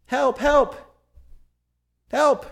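A man voicing a panicked man stuck in a pit, yelling frantically for help. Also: extremely high pitch, steady tone, extremely slow, vocal fry, pitched above the performer's own voice, exaggerated voice.

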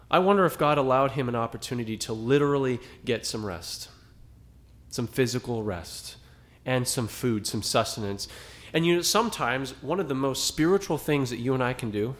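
A man's voice: medium pitch, a little mellow. A man preaching a sermon to a small congregation in a conversational style, rising to dramatic emphasis at times. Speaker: pastor.

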